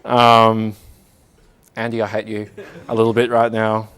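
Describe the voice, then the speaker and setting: A man's voice: lowish voice, monotone, a little slow, fairly bright tone. A man giving a casual tech talk at a meetup, chatty and self-mocking, with many filler words. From Australia. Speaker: meetup speaker. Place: office meeting room.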